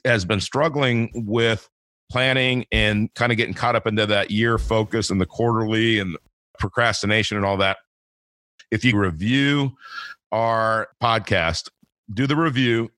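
A man's voice: on the low side, a little slow, a bit bright, no room sound. A man hosting a podcast interview, talking in a rambling, chatty way with frequent restarts. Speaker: podcast host.

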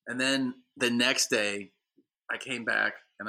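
A man's voice: mid-range voice, fairly even intonation, slow, creaky, bright, forceful tone. A man, a comedian on a podcast, telling profane stage stories in casual chat and doing mock voices for the people in them. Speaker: comedian guest.

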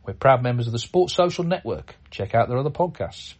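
A man's voice: medium pitch, lively intonation, fairly quick, a little mellow, husky. A man hosting a podcast, talking in a chatty, rambling way with frequent restarts and a dry sense of humour. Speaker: podcast host. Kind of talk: casual podcast commentary.

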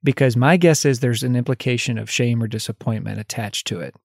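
A man's voice: mid-range voice, fairly quick, vocal fry, breathy edge, no echo. Candid man coaching in a dry, close voice. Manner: conversational and candid, laughs at himself; lifts his voice when acting out example phrases. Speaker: life coach and podcast host. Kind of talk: solo podcast monologue.

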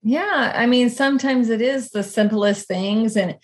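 A woman's voice: on the high side, a little slow. A woman hosting a podcast, introducing the show and prompting her guest in a friendly, loosely phrased way. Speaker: podcast host. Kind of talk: casual podcast interview.

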